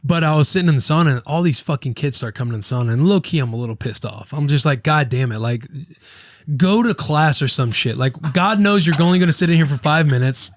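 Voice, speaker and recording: A man's voice: fairly high pitch, animated, quick pace, hardly any pauses, dry recording, studio quality. A man in his thirties hosting a podcast, rambling and joking, with casual swearing and a loose ad read. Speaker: podcast host.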